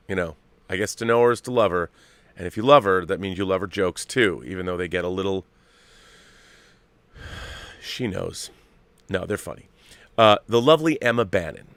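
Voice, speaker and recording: A man's voice: fairly low pitch, fairly bright tone, clear, resonant tone, dry recording. A middle-aged man hosting a live show, chatting in a rambling, self-interrupting way. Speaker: host. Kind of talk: casual live show chat.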